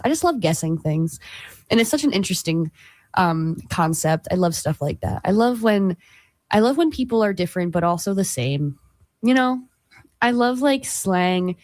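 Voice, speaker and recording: A woman's voice: mid-range voice, lively intonation, normal speed, darkish tone, no room sound, studio quality. A young woman co-hosting a morning radio show, chatting casually and rambling with lots of fillers. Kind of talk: casual chat. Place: radio studio.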